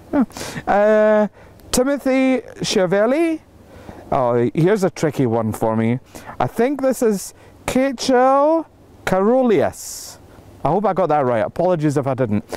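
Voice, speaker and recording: A man who grew up in South Africa, reading a list of backers' names in a halting, casual update filmed outdoors in the cold. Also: sits high, darkish tone, clear, resonant tone, no echo. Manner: halting, reading names slowly with many fillers. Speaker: filmmaker thanking backers.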